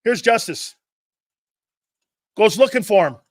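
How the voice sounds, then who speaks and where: A man hosting a football talk show in a brash, loud, profane and mocking monologue. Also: sits high, animated, slow pace, no room sound, studio quality. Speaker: sports talk show host.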